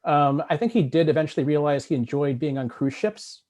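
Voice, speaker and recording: A man's voice: a little high, fairly even intonation, brisk, a little mellow. A man speaking as an author on a convention panel over a video call, talking in a hesitant way with many restarts and fillers.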